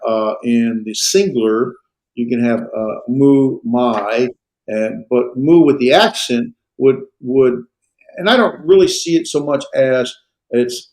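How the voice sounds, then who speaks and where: A man's voice: mid-range voice, darkish tone, reverberant, rough recording. A man teaching a Greek grammar class, explaining with frequent fillers and restarts. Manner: hesitant, many fillers and restarts. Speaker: Greek instructor. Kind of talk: classroom lecture with questions.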